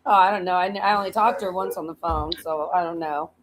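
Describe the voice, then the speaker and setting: A woman's voice: lowish voice, fast, low-quality recording. A woman with a slight Southern accent, chatting casually on a livestream, teasing and laughing often.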